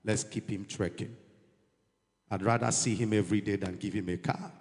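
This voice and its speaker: A man voicing God as a solemn, resolute figure, speaking low, quiet and firm. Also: steady tone, moderate pace, in a large hall, close to an everyday voice. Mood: grave.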